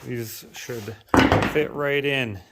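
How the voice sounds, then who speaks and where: A man's voice: medium pitch, drawn-out words, heavy background noise. A man vlogging casually in his woodworking shop, rambling with lots of fillers and self-deprecating asides.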